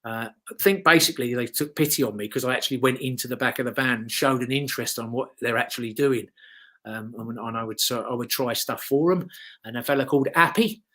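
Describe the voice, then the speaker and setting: A man's voice: medium pitch, fast talker, fairly bright tone. A British man in his fifties, a former motocross rider, telling casual anecdotes in an interview with lots of fillers and the odd swear word. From United Kingdom. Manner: rambling storyteller, frequent fillers and swearing.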